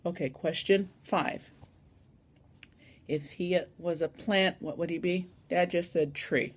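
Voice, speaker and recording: A woman's voice: on the low side, steady tone, slow. A young woman chatting casually in a vlog tag, rambling and adding little asides, recorded on a phone camera. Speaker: vlogger.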